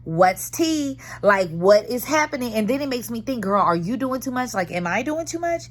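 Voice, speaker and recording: Lively candid woman vlogging from a car. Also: a little high, fairly quick. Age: 30s. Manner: candid, dramatic, animated storytelling with slang. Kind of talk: casual chat.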